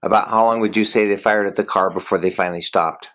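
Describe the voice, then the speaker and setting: Deep-voiced hesitant male interviewer. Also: fairly even intonation, quick pace, fairly bright tone. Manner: hesitant, careful questioning with many fillers. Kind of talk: phone interview.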